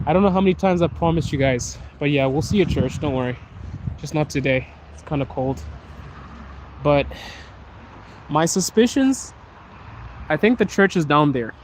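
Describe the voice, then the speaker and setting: A somewhat high-voiced man chats loosely with his viewers while he walks outside in the snow, joking and reading their questions aloud. He is talking into a phone, and faint traffic and street noise sit behind his voice. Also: moderate pace, long pauses. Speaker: livestream host. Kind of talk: casual livestream chat answering viewer questions. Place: outdoors on a snowy city street.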